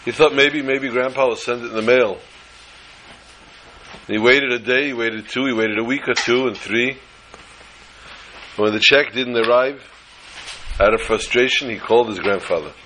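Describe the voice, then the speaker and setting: A man's voice: mid-range voice, normal speed, long pauses, sharp tone, slight background noise, poor audio. A man giving an informal Torah talk as a religious teacher, rambling and anecdotal, often correcting himself as he goes.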